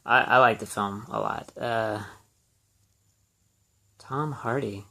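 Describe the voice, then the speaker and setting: A man's voice: fairly low pitch, fairly even intonation, slow pace, gravelly, bright, forceful tone. A man hosting a casual solo movie podcast, talking in a rambling, hesitant way with many fillers and restarts. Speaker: podcast host.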